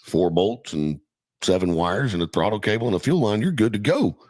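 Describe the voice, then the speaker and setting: A man's voice: fairly low pitch, animated, a little fast, darkish tone, no echo. A middle-aged man casually telling a profane, laughing story from his youth as a podcast guest.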